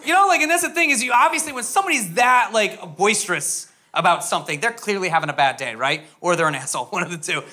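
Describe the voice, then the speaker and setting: A man's voice: high-pitched, lively intonation, quick pace, hardly any pauses, pushed and bright. A young man from the US East Coast doing stand-up comedy, rambling and self-mocking with lots of fillers and tag questions.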